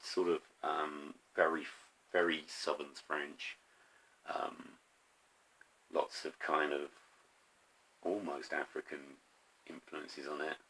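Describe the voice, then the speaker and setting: A middle-aged man talking casually to camera about his favourite records, eager but halting, with many pauses and ums. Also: a bass voice, flat delivery, a bit bright, slightly rough. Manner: enthusiastic, halting with frequent ums. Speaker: vinyl record collector vlogger.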